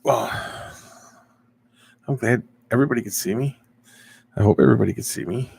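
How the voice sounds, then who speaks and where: A man's voice: mid-range voice, a little fast, vocal fry, a little mellow, breathy edge. A middle-aged man hosting a casual live stream, rambling and chatting with viewers as he reads their comments.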